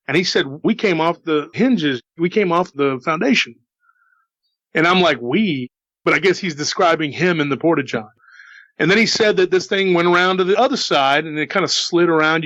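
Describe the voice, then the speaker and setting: A man's voice: on the high side, fairly bright tone, no room sound. A man casually telling a paranormal story he heard, chatty and repetitive, with asides to the listener. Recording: dull, slightly lo-fi dry sound.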